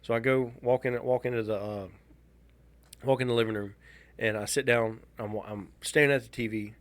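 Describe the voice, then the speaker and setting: A man with a drawl tells a long personal story on a casual podcast. His pitch sits in the middle of the male range. He stops and restarts his sentences often, and his tone stays candid and dryly wry. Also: steady tone, normal speed, dry recording. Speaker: podcast co-host.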